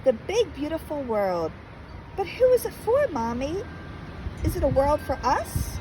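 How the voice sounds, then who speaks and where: Woman plays wide-eyed storybook boy mouse, high squeaky pitch, lively pleading tone. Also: a little slow, slight background noise, rough recording. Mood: excited. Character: small curious boy mouse, eager and wondering.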